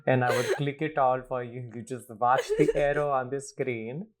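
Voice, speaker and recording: A man's voice: mid-range voice, fairly even intonation, moderate pace. A man chats in a playful, rambling way, and his voice sits in the middle range. He laughs often as he explains things to the listener. The talk was recorded in a home. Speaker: guest astrologer. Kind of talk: casual podcast chat.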